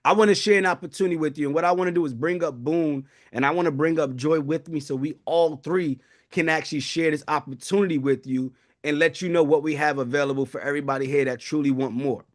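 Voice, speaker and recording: Speaking fast in a slightly high, steady tone, a man hosts a live wealth-building class online to sell to viewers. He's fervent and preachy, calling out to those tuning in.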